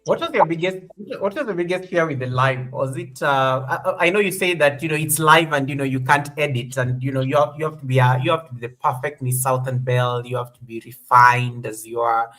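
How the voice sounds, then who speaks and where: A man's voice: medium pitch, brisk, few pauses, pushed and bright, soft background music. A man hosting a casual livestream, upbeat as he thanks members and reads out the chat. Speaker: host.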